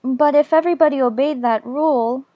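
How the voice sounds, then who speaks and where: A woman's voice: sits high, a little fast, highs cut off, close to an everyday voice. A woman voicing Alice, a prim, earnest young girl who likes to argue, in a full-cast audiobook. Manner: earnest, argumentative, slightly prim.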